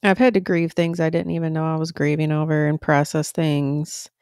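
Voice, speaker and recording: A woman with a lowish, gravelly voice co-hosting a casual podcast. She talks in a reflective, even-keeled way. The close mic gives a dry sound. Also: moderate pace, no echo. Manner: reflective, self-described stoic. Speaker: podcast co-host.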